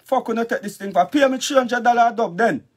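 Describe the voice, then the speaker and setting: In a heated vlog rant, a Jamaican dancehall artist with a very high-pitched voice talks a little fast. Angry and cursing, he repeatedly addresses the listener as brother.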